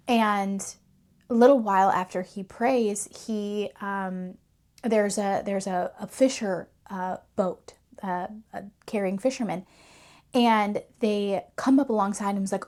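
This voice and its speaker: A woman who coaches on faith and hosts a channel gives an earnest, reflective teaching talk, telling a parable and laughing now and then. Her mid-range voice is steady, unhurried and darkish in tone.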